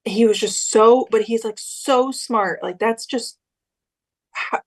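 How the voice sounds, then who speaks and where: A woman's voice: a little high, takes it slowly. A young woman co-hosting a podcast, telling a story in a chatty way and acting out the quoted lines. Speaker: podcast co-host. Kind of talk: casual chat.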